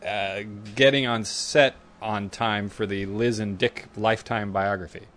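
A man's voice: lowish voice, steady tone, a little slow, fairly bright tone. A man co-hosting a comedy news podcast, trading dry, wry banter. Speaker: podcast co-host. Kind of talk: casual comedic chat.

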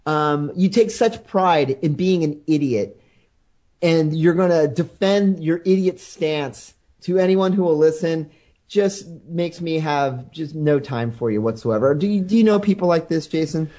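A man co-hosting a podcast in casual chat, wry and halting, with frequent restarts as he searches for words. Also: a little high, warm tone. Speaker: podcast co-host.

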